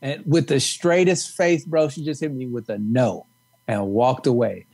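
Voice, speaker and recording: A man's voice: medium pitch, fairly even intonation, unhurried, a little mellow, breathy edge, dry recording. A man co-hosting a comedy podcast, telling a story in a laid-back, blunt way with crude punchlines. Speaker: podcast co-host. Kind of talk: casual comedic chat and storytelling.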